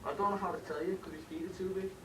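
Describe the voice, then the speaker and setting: A teenage boy playing a rough, desperate working-class lad. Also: high voice, fairly even intonation, rapid-fire, background noise, natural voice. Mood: sulky. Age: teens. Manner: blunt, shouting and near tears at the climax. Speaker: school drama student. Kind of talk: stage play acting. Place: school stage. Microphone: far camera. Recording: echoey hall from far off.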